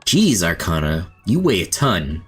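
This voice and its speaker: A man's voice: deep voice, wildly swooping pitch, measured pace, fairly bright tone, faint music behind, heavily acted. A man voicing a blunt young woman who complains in a plain, grumbling way.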